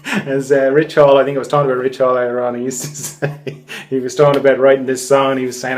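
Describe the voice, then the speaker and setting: A man's voice: medium pitch, steady tone, quick pace. An Irish man hosting a solo podcast, rambling and joking, swearing freely and laughing at himself. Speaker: podcast host. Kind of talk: casual solo podcast monologue.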